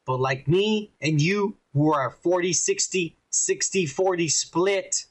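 A man co-hosting a podcast in casual chat, rambling and excitable, swearing often. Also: high-pitched, takes it slowly. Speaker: podcast co-host.

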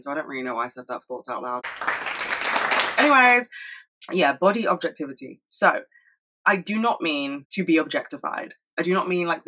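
A young woman talking fast and rambling in a casual monologue at home, swearing freely. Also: low voice, sharp tone, rough recording. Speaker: solo podcast host.

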